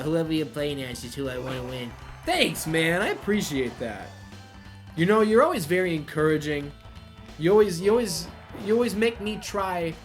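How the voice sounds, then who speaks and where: A man hosting a wrestling video game playthrough, chatting casually, laughing and swearing, then shouting play-by-play at the big moves. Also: a little high. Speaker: let's play host.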